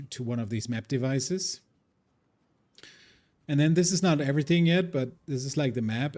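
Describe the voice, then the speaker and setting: A man whose first language is German, living in India, streams a game and chats casually with viewers. He rambles and thinks aloud in a chatty way, with a mid-range, slightly mellow voice.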